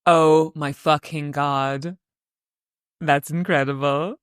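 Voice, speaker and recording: A woman's voice: sits low, fairly even intonation, slow pace, smooth, no room sound, studio quality. A woman hosting a podcast in casual chat, reacting to a story with swearing exclamations. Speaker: podcast host.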